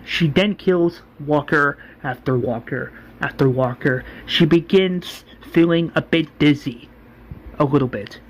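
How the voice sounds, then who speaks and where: A man casually retells a story, circling back and restarting his sentences often. His voice sits slightly high for a man, and he keeps an easy, meandering flow. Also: slight background noise, low-quality recording. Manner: rambling, many restarts and "like"s.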